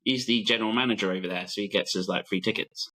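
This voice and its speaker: A man's voice: fairly low pitch, steady tone, fast, sharp tone, poor audio. A man, a regular podcast guest chatting casually over a call and laughing often.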